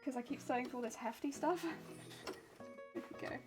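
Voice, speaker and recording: A young British-born woman streams herself sewing, talking to herself in a light, fairly high voice. She coaxes herself along and giggles through the tricky parts. Music plays clearly underneath the whole time. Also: rapid-fire. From United Kingdom. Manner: chatty, self-talking, giggly while working. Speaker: cosplay streamer. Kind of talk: casual sewing stream chat.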